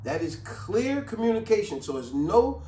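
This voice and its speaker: A man with a fairly high voice talks through everyday manners in a relaxed chat and jumps into high, loud impressions of the people he quotes. He sits back from the mic in an echoey room. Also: moderate pace, distant mic, slight background noise. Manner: animated, acts out quoted people in a raised voice. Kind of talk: casual advice talk. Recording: roomy sound from off the mic.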